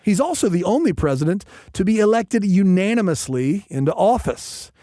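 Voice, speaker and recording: Guy cohosting a radio quiz, teasing banter, pretty high voice, dry booth sound. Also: no echo. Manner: lively, teasing, quick laughs. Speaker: co-host of a radio quiz show.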